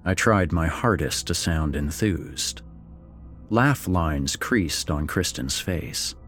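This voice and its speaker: Deep lively guy reading a story out loud, wry then somber, music low behind. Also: slow. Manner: expressive, swings between wry and somber. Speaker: story narrator. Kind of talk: first-person fiction narration with dialogue. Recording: faint background music.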